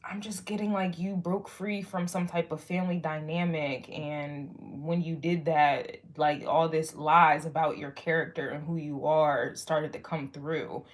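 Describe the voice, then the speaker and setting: This is a young woman with a somewhat low voice, talking straight to her viewers during an astrology reading. She rambles, curses freely and leans on fillers as she works her way toward each point. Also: steady tone, unhurried, hardly any pauses. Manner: rambling, frank and profane, lots of fillers. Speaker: tarot and astrology reader. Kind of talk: casual spoken reading to viewers.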